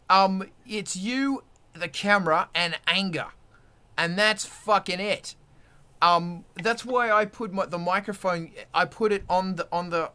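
A man with a high, bright and forceful voice, ranting on a live stream. He talks bluntly and swears constantly, fired up about making your own art. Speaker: musician hosting a live stream. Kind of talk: profane casual rant.

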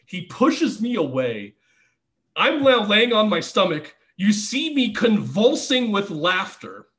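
A man's voice: high voice, sing-song, slow pace, fairly bright tone. A middle-aged man telling wrestling stories in a casual podcast chat, laughing often and swearing freely. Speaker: podcast guest, former pro wrestler.

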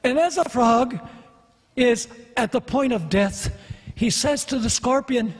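A man's voice: extremely high pitch, a little slow, husky. A man preaching a sermon, emphatic and questioning his audience. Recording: long reverb of a hall.

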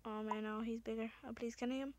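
A woman giving excitable let's-play commentary, often exclaiming and swearing at the game. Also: fairly high pitch, fast talker, noisy background. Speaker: gamer.

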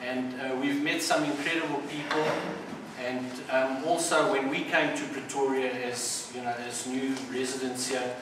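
A man's voice: mid-range voice, level tone, moderate pace. Man speaking hesitantly in an echoey hall. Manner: hesitant, many ums and restarts. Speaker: community speaker. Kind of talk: informal speech with a joke. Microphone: distant mic. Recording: echoey hall from far off with background noise.

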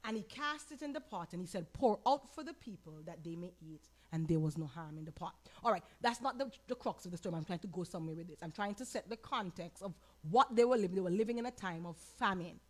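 A woman pastor with a Caribbean accent teaching a Bible lesson, animated, asking the audience questions and acting out quoted lines. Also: on the low side, quick pace, hardly any pauses. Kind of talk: sermon-style Bible teaching.

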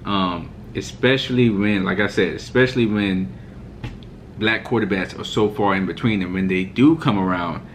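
Low-voiced man ranting heatedly. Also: moderate pace, slight background noise. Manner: mocking, fired-up ranting. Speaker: sports reaction vlogger. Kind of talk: heated reaction rant.

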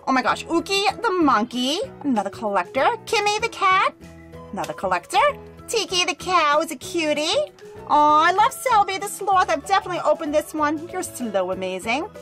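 Young woman, high voice, lively swooping intonation, bubbly gushing toy unboxing host. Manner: bubbly, gushing, excited exclamations. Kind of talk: upbeat toy unboxing narration.

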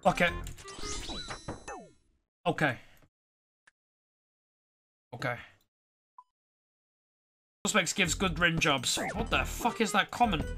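A man streaming a game live, excitable and swearing as he reacts and talks to his chat. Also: fairly high pitch, slow, pauses often, music in the background. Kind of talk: live gameplay commentary to chat.

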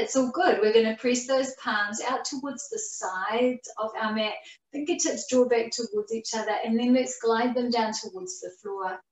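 Calm yoga teacher woman in a roomy space. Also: on the high side. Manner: slow, calm breathing cues with long pauses. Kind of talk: guided yoga class. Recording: roomy echo, voice far from the mic.

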